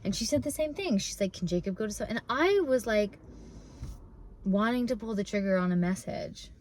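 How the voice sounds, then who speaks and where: A woman's voice: a little high, animated, moderate pace, darkish tone, a little hiss or hum. A young woman vlogging from her parked car, talking in a rambling way with many fillers and restarts, close to tears. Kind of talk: casual emotional vlog.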